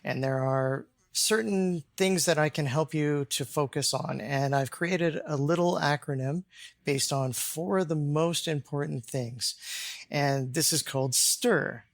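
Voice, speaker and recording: Measured man explaining pronunciation coaching. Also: fairly high pitch, creaky, dry recording, studio quality. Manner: measured, explains methods step by step. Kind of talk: conversational podcast interview.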